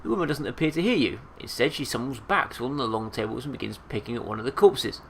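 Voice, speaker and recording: A let's play host reads a fantasy game's text out loud and adds casual asides, his nose stuffed up. His voice is gravelly and sharp. A faint hiss sits under him. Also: medium pitch, expressive, quick pace. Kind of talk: game narration and commentary.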